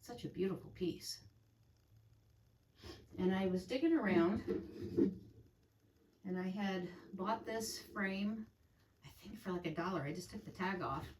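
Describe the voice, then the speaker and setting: A woman's voice: mid-range voice, unhurried, pauses often, darkish tone, slight background noise. Chatty woman vlogging about cross stitch. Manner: chatty, rambling, self-correcting. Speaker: cross stitch channel host. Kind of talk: casual crafting vlog chat. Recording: echoey room, voice a bit far from mic.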